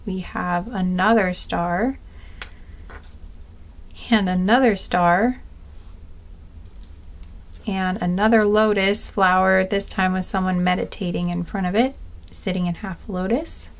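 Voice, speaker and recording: A woman's voice: medium pitch, steady tone. A woman doing a pick-a-card reading, chatting casually and giggling now and then while she is tired with a sore back. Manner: slow, meandering, giggly, talks to viewers as guys. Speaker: tarot reader.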